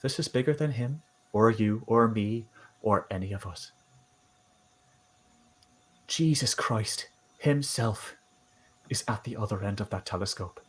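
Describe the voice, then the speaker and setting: Man as serene sinister clergyman, hushed persuasive sermonizing tone. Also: fairly low pitch, measured pace, pauses often, breathy edge, rough recording. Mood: soothing pious. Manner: soft, gently persuasive, preachy. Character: calm pious male priest, creepy sermonizing cult figure.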